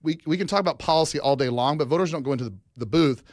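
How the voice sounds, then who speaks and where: A middle-aged political strategist from Arkansas speaks as a guest, his voice fairly high-pitched. His interview answers are fast and loose, packed with fillers. The studio sound is clean, with no echo.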